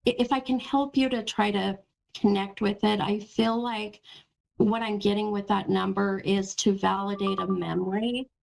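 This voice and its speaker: Psychic lady on a call-in show, super gravelly voice, soft and reassuring, keeps saying hun. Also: mid-range voice, steady tone, moderate pace, rough recording. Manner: gentle, reassuring, calls the caller hun and sweetheart. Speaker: psychic medium host. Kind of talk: live call-in psychic reading.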